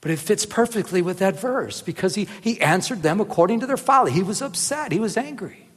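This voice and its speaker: This man's high voice moves a little fast as he delivers an earnest, casual Bible lesson in a hall full of reverb. He often asks "remember?" rhetorically and builds into animated emphasis.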